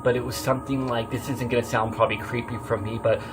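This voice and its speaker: A man's voice: medium pitch, little pitch movement, quick pace, music in the background. Rambling man telling a scary story. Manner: rambling, swears often, many fillers and restarts; tense, swinging from hushed to loud as he retells. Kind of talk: casual spoken horror story.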